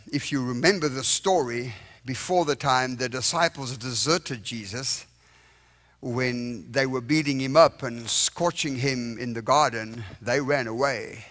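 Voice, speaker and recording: A middle-aged man with a South African accent preaches a revival sermon in a church sanctuary, lively and joking with the congregation. He often checks in with "all right?", speaking in a mid-range voice.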